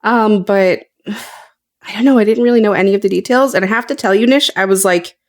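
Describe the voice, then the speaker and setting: A woman's voice: medium pitch, brisk. Rambling, chatty woman podcast co-host. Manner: chatty and rambling, with filler words. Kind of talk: casual chat.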